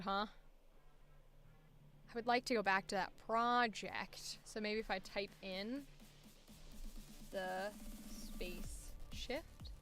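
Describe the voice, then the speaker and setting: A woman's voice: mid-range voice, sharp tone. A young woman voice actor chatting to herself casually while working, muttering at her computer and swearing now and then.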